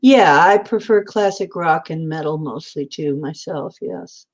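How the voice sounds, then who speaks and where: Woman host just chatting, slow and rambly, lots of um and you know. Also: deep voice. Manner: meandering, chatty, many fillers. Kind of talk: rambling casual chat.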